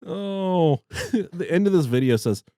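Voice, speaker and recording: A man co-hosting a podcast, in loud, profane, joking banter. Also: high-pitched, expressive, slow pace, no echo, clean studio sound. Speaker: podcast co-host. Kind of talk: casual crude banter.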